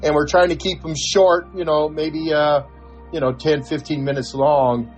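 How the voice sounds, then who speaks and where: A man's voice: a little high, steady tone, normal speed, faint music behind. An older man, a podcast co-host, telling a story in casual chat, chuckling and acting out the quoted voices.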